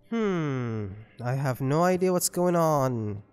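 Slow, joking man with game music reverb. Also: a little high, lively intonation, darkish tone, clear, resonant tone. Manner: joking, rambling, self-mocking. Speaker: gameplay commentator. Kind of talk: let's play commentary.

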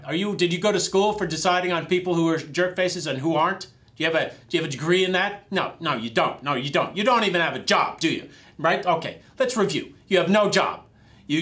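A man's voice: high voice, exaggerated voice. A man doing an impression of a combative TV pundit host who interrupts and browbeats his guest. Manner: blustering, interrupting, shouting. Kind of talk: impression sketch.

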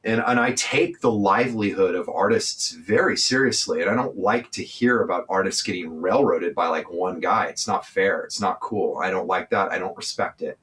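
A man's voice: low-pitched, moderate pace, few pauses, fairly bright tone. A man from California speaking candidly as an interview guest, blunt, emphatic and freely profane.

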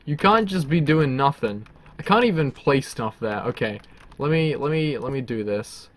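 A man giving casual gameplay commentary, excitable, laughing often and talking to the animals in his game. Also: fairly high pitch. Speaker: gaming channel host.

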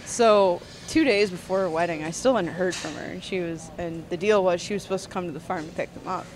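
A woman's voice: on the low side, brisk, slight background noise. A woman, a guest farmer chatting in an interview at a busy convention hall, with lots of fillers. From Ontario, Canada. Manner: chatty, frequent fillers and laughs. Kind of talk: casual storytelling interview.

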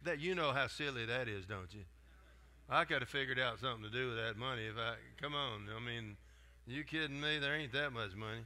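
A man's voice: mid-range voice, brisk, pushed and bright. A man, preaching a sermon in a folksy, conversational way. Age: 70s. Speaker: guest preacher.

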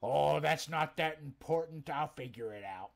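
A man's voice: a little high, animated, moderate pace, vocal fry. A man putting on the voice of an eager, gullible male customer buying a wreck of a used car, gushing and folksy.

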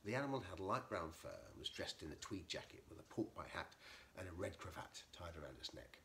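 A man reading a children's storybook aloud as the narrator, lively and expressive. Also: deep voice, fairly quick, a little hiss or hum. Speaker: narrator, author.

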